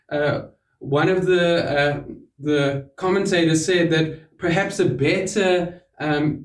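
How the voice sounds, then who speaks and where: A man preaching a sermon to a church congregation, earnest, dropping to a hush on key words. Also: on the high side. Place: church hall. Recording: roomy, from a distance.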